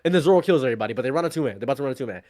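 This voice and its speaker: A man chatting casually as a co-host, excitable and laughing, acting out characters' lines as he retells a scene. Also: mid-range voice, very fast, no echo, clean studio sound. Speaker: podcast co-host.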